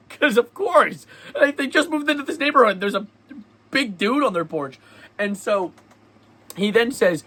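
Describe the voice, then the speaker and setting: A young man vlogging, telling a story in a lively, sarcastic way and often laughing. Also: high voice, unhurried, pauses often. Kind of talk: casual storytelling vlog.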